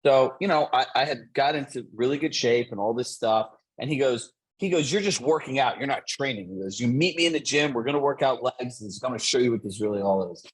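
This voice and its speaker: A man coaching real estate agents in a motivational session, upbeat and energetic, dropping in "right?" and "like". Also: medium pitch, a little fast, hardly any pauses, breathy edge, low-quality recording.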